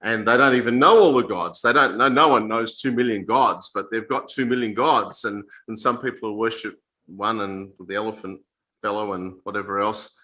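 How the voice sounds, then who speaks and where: Rough recording of a man teaching the Bible informally to a small group, his lowish voice bright and forceful. He speaks plainly and conversationally, pausing often to repeat himself and restart phrases in the middle of sentences.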